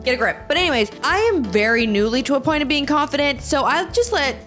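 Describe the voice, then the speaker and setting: High-voiced, ranting young woman podcaster. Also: quick pace, soft background music. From United States. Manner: animated, exaggerated, swearing, ranting. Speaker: podcast host. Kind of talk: reading and reacting comedy.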